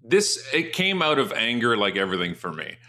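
A man guest in an interview, telling stories in an animated, emphatic way and jumping up in pitch when he acts out what others said. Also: fairly quick. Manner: energetic, emphatic, jumps up in pitch for acted quotes. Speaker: guest, marketing speaker.

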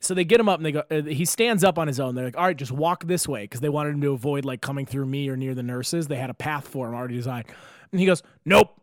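A man telling a story in casual chat, animated and profane, often laughing as he talks. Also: medium pitch, fast talker, dry recording, studio quality.

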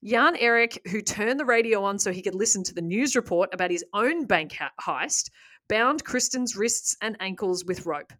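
A woman hosting a casual podcast, retelling a story with lively asides and laughs. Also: mid-range voice, moderate pace. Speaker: podcast host.

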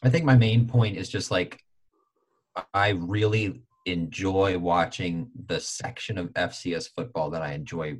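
A young man co-hosting a sports podcast, chatting casually with heated opinions and leaping up in pitch to stress his points. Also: a little slow, low-quality recording. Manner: animated, heated opinions with frequent filler "like". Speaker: podcast co-host.

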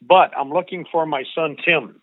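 An older man, a former baseball coach, telling a long emotional story as an interview guest in an earnest, halting way. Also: on the high side, steady tone, no room sound. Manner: earnest, halting, repeats himself. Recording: tinny phone-like line.

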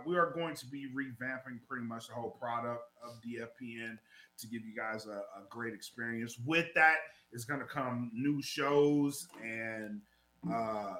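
A man co-hosting a casual podcast, excitable and quick to laugh, giving shout-outs. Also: medium pitch. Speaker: podcast co-host. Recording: echoey room.

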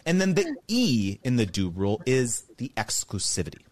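A man being interviewed on a podcast, explaining step by step in an animated way. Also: medium pitch, moderate pace. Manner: animated, explains step by step, mimics others' voices. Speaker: guest, creator business educator.

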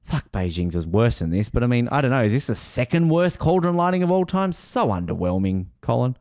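A man co-hosting a podcast, chatting casually, excitable and sweary, acting out quotes in funny voices. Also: medium pitch, fairly quick, no echo, clean studio sound. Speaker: podcast co-host. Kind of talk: casual chat.

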